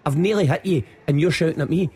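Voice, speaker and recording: A man's voice: on the high side, quick pace. A middle-aged Scottish man on a radio show, telling a funny story and laughing through it. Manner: animated storyteller, laughs through his lines. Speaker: radio presenter. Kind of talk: radio chat, telling an anecdote.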